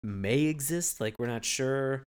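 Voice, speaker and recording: A woman co-hosting a podcast in casual chat, animated and swearing freely, jumping into mocking quotes. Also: extremely low pitch, unhurried, clear, resonant tone. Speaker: podcast co-host.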